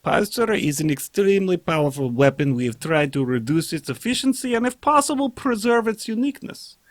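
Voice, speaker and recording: A mock-serious male game developer with a thick, hammy Russian accent, as a man puts it on reads his announcement in a voice pushed well above his own. The delivery is loud and theatrical, and the sound is close and dry. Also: sits high, sing-song, a little fast, no room sound, pitched above the performer's own voice. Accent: Russian, put on badly. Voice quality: exaggerated comic foreign accent. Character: earnest adult male game developer reading an update. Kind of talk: comic impression reading a statement.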